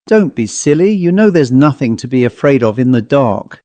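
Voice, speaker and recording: A man voicing a cool, dismissive mother speaking briskly. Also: mid-range voice, big pitch swings, warm tone, no room sound, natural voice.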